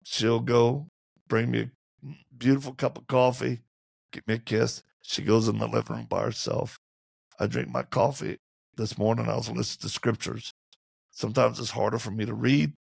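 A man, an interview guest, telling candid and humorous stories in conversation and acting out quotes in lively voices. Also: mid-range voice, normal speed, vocal fry, breathy edge, dry recording, studio quality. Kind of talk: animated storytelling in conversation.

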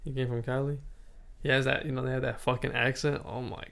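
A man chats casually in podcast banter, easygoing and quick to laugh. His voice is gravelly with plenty of fry. He draws out his stories at an unhurried pace. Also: medium pitch, level tone, a bit bright. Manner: laid-back, laughing often, drawn-out storytelling. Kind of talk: casual chat.

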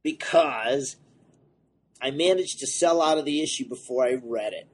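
Husky, rambling man on a podcast. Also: medium pitch, moderate pace. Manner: rambling, excitable, self-deprecating. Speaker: podcast co-host and comic shop owner. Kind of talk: casual podcast chat.

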